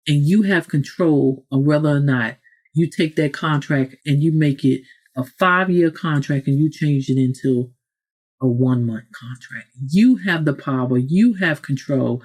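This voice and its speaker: A woman hosting a motivational podcast, preaching with many rhetorical questions and acting out quoted people in raised voices. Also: low-pitched. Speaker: podcast host. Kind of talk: motivational talk.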